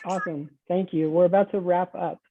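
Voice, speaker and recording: A moderator in a casual group video call, brisk and encouraging. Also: mid-range voice, fairly even intonation, background noise. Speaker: roundtable moderator. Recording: tinny phone-like call audio.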